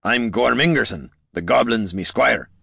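A man voicing a grumpy male dwarf warrior who talks in a gruff, terse, folksy way. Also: medium pitch, normal speed, pushed and bright, no echo, clean studio sound, heavily acted.

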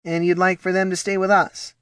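A man voicing a prim, curt mustached gentleman with a clipped, sharp-tongued way of talking. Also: high-pitched, flat delivery, brisk, clear, resonant tone, no echo, clean studio sound, pitched above the performer's own voice. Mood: polite.

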